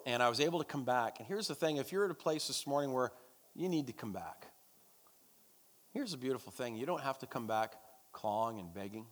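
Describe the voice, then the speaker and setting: A pastor delivers a sermon and leads prayer at a church service, his medium-pitched voice animated and brisk. Emphatic and repetitive, he calls out to the congregation while the hall's long reverb trails behind.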